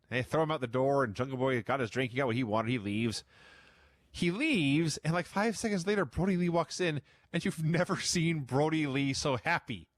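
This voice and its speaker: A man co-hosting a podcast, telling a show's events as a casual running recap. His voice is in the middle range but moves lively up and down. The recording is close and dry. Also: mid-range voice, moderate pace, no room sound. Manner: storytelling recap, amused. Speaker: podcast co-host. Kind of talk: casual chat, recapping a wrestling show.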